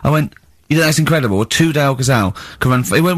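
A man with an English accent hosts a comedic radio show, mocking and telling animated stories with frequent giggling. His voice is a little high, quick, with few pauses, recorded dry and clean on a studio microphone.

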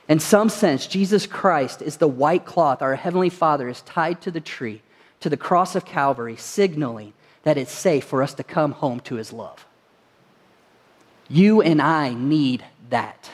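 A man's voice: a little high, moderate pace, long reverb tail. A male pastor preaching a sermon to his congregation in a church, telling stories earnestly and asking rhetorical questions. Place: church sanctuary.

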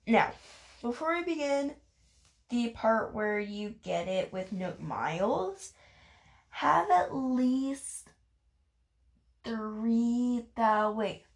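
Woman, tired casual game commentator; unhurried, slightly high, chatty and self-mocking. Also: animated, creaky. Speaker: gaming video creator.

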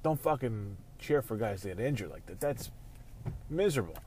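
A man's voice: fairly low pitch, sing-song, moderate pace, a little mellow. Man, show host, ranting in his car, profane, angry outbursts, faint background hum. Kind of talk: casual sports talk rant. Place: in a car while driving.

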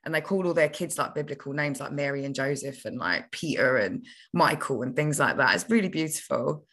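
Low-voiced woman telling stories on a podcast, bright edge, says like a lot. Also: fairly quick. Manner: lively, chatty, peppered with "like". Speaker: podcast guest. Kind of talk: casual storytelling.

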